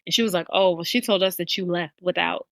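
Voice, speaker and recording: A woman's voice: fairly low pitch, fairly even intonation, fast talker, vocal fry, no room sound. A young woman co-hosting a podcast, telling a work story in casual chat and swearing freely. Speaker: podcast co-host.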